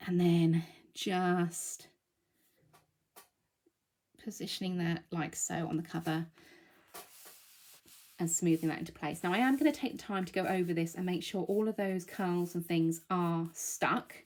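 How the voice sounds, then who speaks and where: A slightly low-pitched woman talks through a live craft demonstration. She sounds a little breathless after being unwell, and she keeps a chatty, reassuring flow with frequent ums. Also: darkish tone. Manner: chatty, reassuring, thinks aloud with many ums. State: out of breath, recovering from illness.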